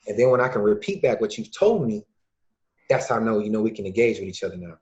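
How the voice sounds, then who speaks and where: A man's voice: fairly low pitch, quick pace. Illinois guy on a podcast, mentor type, acts out convos, muffled lo-fi audio. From Lake County, Illinois, USA. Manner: lively storyteller who acts out quoted dialogue. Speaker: podcast guest, youth mentor. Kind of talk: casual podcast chat. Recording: dull lo-fi recording.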